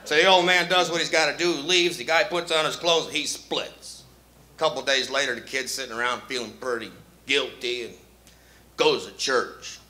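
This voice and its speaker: A man doing stand-up comedy and telling crude jokes in a punchy, quick setup-and-punchline way. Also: mid-range voice, steady tone, sharp tone.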